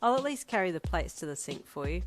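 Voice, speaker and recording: Hawks, a smooth flirty hero, read by a woman. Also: on the low side, very animated, fast talker. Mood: easygoing charm. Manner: smooth, teasing, easygoing. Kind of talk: fan fiction audiobook reading. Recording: music playing underneath. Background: background music.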